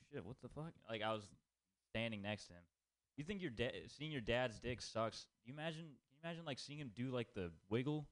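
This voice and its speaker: Rambling young man doing stand-up. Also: fairly low pitch. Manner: rambling, self-deprecating, profane. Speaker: stand-up comedian. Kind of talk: stand-up comedy set. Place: small comedy room. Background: small audience.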